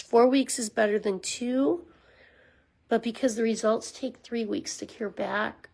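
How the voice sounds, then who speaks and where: A woman rescue volunteer chatting casually at home, rambling with ums and slipping into soft baby talk for a dog. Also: medium pitch, rough recording. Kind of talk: casual talking-head explainer to camera. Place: small room at home with a puppy pen, indoors.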